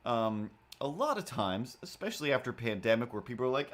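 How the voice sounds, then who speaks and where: A man's voice: medium pitch, brisk. A man in his forties casually telling an anecdote on a livestream, acting out voices as he goes. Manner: animated, acts out voices in anecdotes. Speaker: livestream host.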